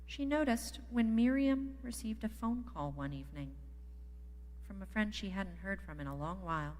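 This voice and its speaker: A woman reading a gentle story aloud in a church service, softly repeating a calm refrain. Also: mid-range voice, normal speed. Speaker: story reader in worship service. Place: church sanctuary. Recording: echoey sanctuary with long reverb.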